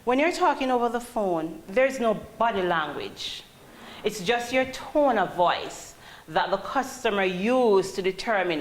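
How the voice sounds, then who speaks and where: A woman's voice: mid-range voice, animated, a little slow. A woman teaching a call-centre class, calling on students and asking them questions. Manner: calls on students, asks questions. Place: training classroom. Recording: roomy classroom, faint hum.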